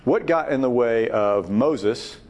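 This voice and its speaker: A man's voice: mid-range voice, expressive, slow pace, gravelly, a little mellow. Emphatic man leading a Bible study. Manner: emphatic, thinks aloud with restarts. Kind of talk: teaching discussion.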